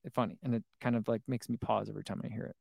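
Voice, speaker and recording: A man's voice: lowish voice, flat delivery, racing, creaky, a little mellow, no room sound. A man in his thirties chatting casually on a live stream, reading viewer comments aloud, rambling and chuckling. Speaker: running shoe vlogger reading live chat.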